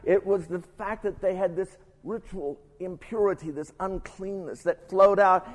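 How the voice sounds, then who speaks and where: A man's voice: high voice, moderate pace, few pauses. A man giving a sermon-style Bible lesson, reading scripture aloud and adding his own asides. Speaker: pastor or Bible teacher. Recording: long hall reverb.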